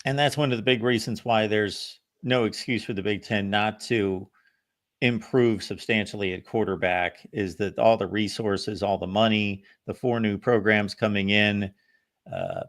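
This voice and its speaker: Male show host, low voice, steady and assured football analysis. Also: moderate pace. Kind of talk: casual sports talk.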